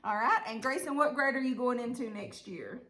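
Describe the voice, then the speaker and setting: Southern lady art teacher, chatty, kinda high voice, walks kids thru drawing. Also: moderate pace, a bit bright, slight background noise. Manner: friendly, chatty, step-by-step instructions. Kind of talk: online art lesson.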